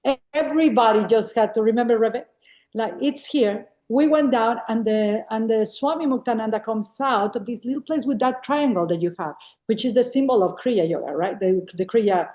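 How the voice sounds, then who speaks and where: A woman's voice: a little high, moderate pace, echoey room, low-quality recording. A woman telling a story casually on a video call, acting out the dialogue as she goes. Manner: lively, acts out quoted dialogue. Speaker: guest speaker at a spiritual gathering.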